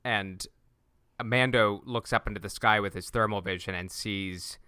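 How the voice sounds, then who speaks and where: A man's voice: lowish voice, fairly even intonation, pushed and bright, clear, resonant tone, dry recording, studio quality. A man co-hosting a podcast, recapping scenes in casual chat and often restarting his sentences. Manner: recapping scenes at length with quick self-restarts. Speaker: podcast co-host.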